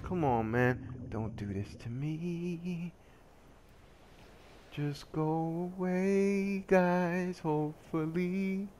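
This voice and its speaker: A man's voice: a little high, extremely slow. A man giving casual, rambling commentary while playing a survival game, joking at his own expense and yelping when something attacks him. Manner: rambling, joking, easily sidetracked; excitable, yelps when attacked.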